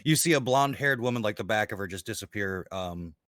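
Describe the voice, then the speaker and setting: A man narrating as game master of a tabletop game, halting and repeating himself with many fillers. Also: lowish voice, lively intonation, fairly bright tone, dry recording, studio quality.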